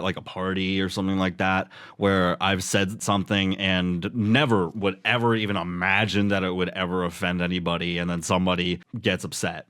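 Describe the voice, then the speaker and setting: In a studio-quality, dry recording, a male podcast co-host speaks in a lowish, somewhat bright voice that is clear and resonant. He rambles through casual chat with plenty of fillers and casual cursing.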